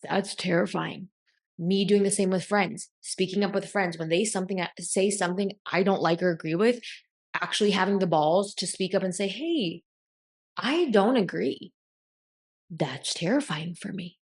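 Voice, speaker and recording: A woman's voice: lowish voice, steady tone, moderate pace. A woman giving a blunt, emphatic motivational talk as a self-help coach, swearing casually.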